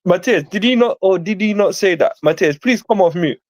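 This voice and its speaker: A man hosting a heated fan debate over a video call, forcefully cutting in and repeating names to take the floor. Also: high voice, fairly quick, no echo.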